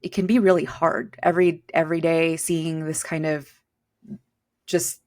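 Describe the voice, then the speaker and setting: A woman's voice: low-pitched, fairly even intonation, moderate pace, a little mellow. A woman hosting a podcast interview, asking questions in an encouraging way. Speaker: podcast host.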